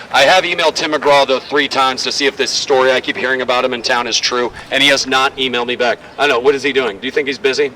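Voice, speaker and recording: A man leading a walking tour outdoors, telling stories in a lively, joking way. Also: mid-range voice. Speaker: tour guide. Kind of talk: guided walking tour talk. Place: outdoors on a city street. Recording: distant outdoor mic, faint street noise.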